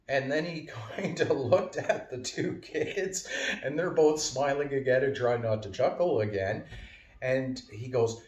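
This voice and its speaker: A man's voice: mid-range voice, unhurried, darkish tone, muffled recording. A man giving a casual, rambling monologue full of fillers and wordplay. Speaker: vlogger. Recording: roomy, distant from mic.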